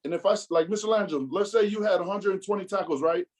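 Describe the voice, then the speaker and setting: High-voiced animated man telling a story. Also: fast, poor audio. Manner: animated storyteller, acts out quotes. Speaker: business speaker. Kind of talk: motivational testimonial talk.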